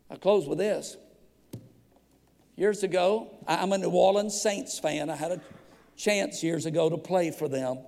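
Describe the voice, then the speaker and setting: A pastor in his fifties preaches with a gravelly, high voice, moving from humorous stories to fervent calls. His voice rings out in a long church-hall reverb. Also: measured pace, a little mellow. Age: 50s. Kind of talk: sermon.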